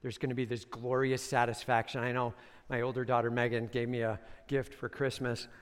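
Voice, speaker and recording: A middle-aged male pastor preaching a sermon, swinging from hushed to booming and emphatic. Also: flat delivery, fairly quick, clean tone. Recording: long reverb in a large hall.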